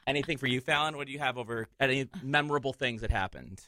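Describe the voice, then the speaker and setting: Bright-voiced man, animated podcast host. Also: fast talker, no echo. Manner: animated storyteller, jumps high when quoting people. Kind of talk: casual chat.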